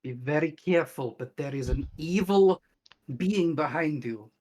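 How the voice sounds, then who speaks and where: A man's voice: fairly high pitch, unhurried, a little mellow. A man playing a stern, pious holy warrior in a tabletop game, speaking in a solemn, warning tone.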